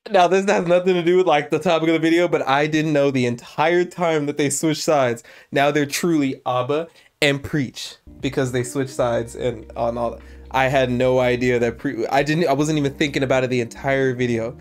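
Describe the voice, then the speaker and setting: Excitable young man reacting animatedly. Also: mid-range voice, normal speed. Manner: excitable, exclaiming, trailing off mid-sentence. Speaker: reaction video host. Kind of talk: animated casual commentary.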